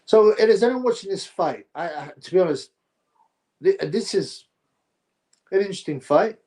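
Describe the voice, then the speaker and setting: A man hosting a live stream, chatting to viewers and reacting excitably to a fight. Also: high voice, normal speed. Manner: chatty, excitable, slangy, talks to chat viewers.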